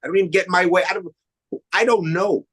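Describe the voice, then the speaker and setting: A man's voice: sits high, fast talker, rough recording. Middle-aged guy from queens, actor on a podcast, chatty, acts out the lines in his stories. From Queens, New York. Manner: animated storyteller who acts out quoted dialogue. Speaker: actor guest. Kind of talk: casual podcast interview.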